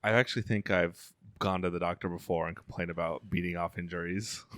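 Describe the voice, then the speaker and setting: A man's voice: deep voice, steady tone, fairly quick, fairly bright tone, no room sound. A tired man co-hosting a casual comedy podcast, laid-back and mumbly, giggling often. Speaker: podcast co-host.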